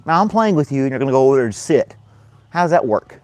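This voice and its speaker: Male host, casual live chat, playful dog talk, breathless, very lively pitch. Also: fast, dry recording. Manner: playful baby-talk to his dog, high and loud.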